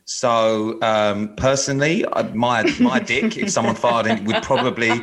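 A man's voice: medium pitch, animated, measured pace, a crowd in the background. A man co-hosting a podcast in casual banter, cheeky and self-mocking, swearing and laughing often. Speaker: podcast co-host.

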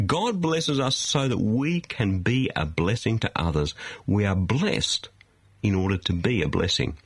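Middle-aged man, studio preacher: husky timbre, very animated delivery, emphatic. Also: medium pitch, no room sound. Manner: emphatic preaching with rhetorical questions. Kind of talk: studio sermon.

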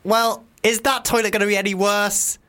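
A man co-hosting a radio rock show, making playful jokes and quick asides. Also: high-pitched, flat delivery, pushed and bright, clear, resonant tone. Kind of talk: casual radio banter.

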